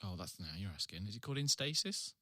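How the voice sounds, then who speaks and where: A man's voice: fairly low pitch, big pitch swings, quick pace, heavy background noise. A man, a podcast guest, chatting casually in a laid-back way, trailing off and laughing often. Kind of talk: casual chat.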